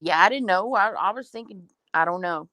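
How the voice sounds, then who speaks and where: A woman chatting casually with friends, telling playful stories in an animated way. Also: mid-range voice, a little fast, no room sound. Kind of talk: casual chat among friends.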